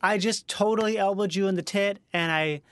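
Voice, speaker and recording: A man's voice: sits high, brisk, smooth, dry recording. A man in casual chat, joking drily and rambling through stories.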